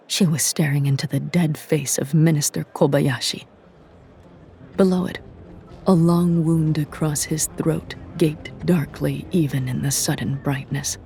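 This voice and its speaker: A narrator reading an audiobook drama in a measured, dramatic way. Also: medium pitch, vocal fry, warm tone, breathy edge. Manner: measured, dramatic, drops to a whisper at tense moments.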